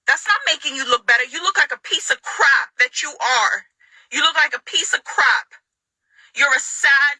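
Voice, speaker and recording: Woman going off at her ex, super bright sharp tone, keeps repeating lines. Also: sits high, no room sound, low-quality recording. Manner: confrontational, repeating lines for emphasis. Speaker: vlogger addressing her ex. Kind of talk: angry direct-to-camera rant.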